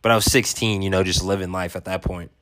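A man's voice: low-pitched, fairly even intonation, fast talker, a bit bright, dry recording, clean studio sound. A young man telling a story casually, laid-back and rambling with lots of fillers. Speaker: vlogger.

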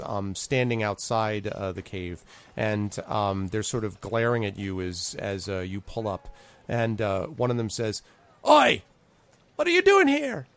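A man working as game master, narrating a tabletop game in a rambling, playful way. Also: on the low side. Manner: rambling with many fillers and restarts, playful.

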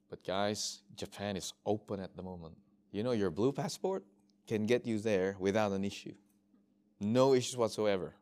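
A middle-aged man from Australia speaking as a missionary at a workshop, telling anecdotes and acting out conversations with frequent restarts. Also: sits low. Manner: animated storyteller, acts out dialogue, frequent restarts. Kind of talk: informal workshop talk.

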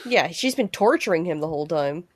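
A woman's voice: fairly low pitch, expressive, fairly quick, slightly rough. A woman in a podcast chat, chiming in casually with comments about a film. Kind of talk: casual movie recap chat.

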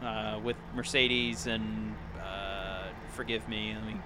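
A man's voice: lowish voice, fairly even intonation, slow, noisy background. A man co-hosting a podcast in casual chat, rambling and searching for words as he goes. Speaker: podcast co-host.

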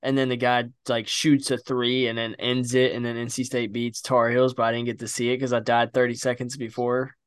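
A man's voice: medium pitch, brisk, hardly any pauses, clear, resonant tone, dry recording. Profane young man, dry close sound. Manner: profane, animated, blunt. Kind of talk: casual chat.

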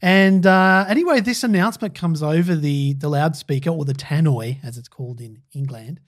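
A man co-hosting a podcast, chatting in a relaxed, jokey way. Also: a little high, moderate pace. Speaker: podcast co-host. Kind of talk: casual chat.

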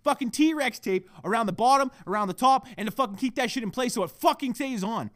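Recorded at home on a laptop microphone, a man hosting his own solo podcast rants heatedly, swearing constantly. His voice is very high with lively intonation, fairly quick and a bit bright. The sound has studio quality with no room sound.

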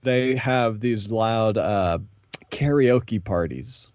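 A man's voice: lowish voice, very slow, a little mellow, no echo, clean studio sound. A man from the American South co-hosting a podcast in loose, profane, laid-back banter. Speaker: podcast co-host. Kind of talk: casual chat.

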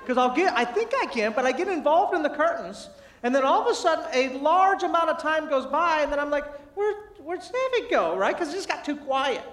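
A man with a strikingly high voice delivers a humorous motivational sermon, jumping in pitch as he tells a family story with self-deprecating jokes. The sound is roomy and echoey, and the mic sits at a distance. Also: expressive, a little fast, fairly bright tone.

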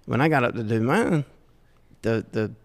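Middle-aged southern guy from georgia, gravelly voice, chuckles a lot telling folksy stories, sounds like a big echoey room. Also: mid-range voice, moderate pace. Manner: chuckles often, folksy, self-deprecating. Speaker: podcast guest. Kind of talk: casual storytelling. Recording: roomy with long reverb.

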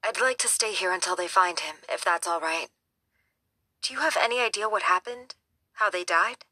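Woman reading a gentle, earnest woman. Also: on the low side, moderate pace, husky, dry recording, clean studio sound. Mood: uneasy. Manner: gentle, anxious questioning. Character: caring, earnest adult woman.

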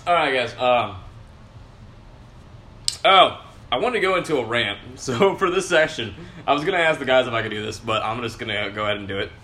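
A young man hosting a casual show, ranting loudly and swearing constantly, with sudden jumps in pitch. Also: lively intonation, fairly quick, pauses often. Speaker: podcast host.

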